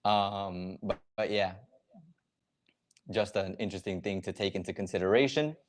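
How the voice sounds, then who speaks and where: Low-voiced man chatting on a live stream. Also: normal speed. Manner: casual and explanatory, with many fillers. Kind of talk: casual live reaction stream, explaining slang. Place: lives in Ecuador.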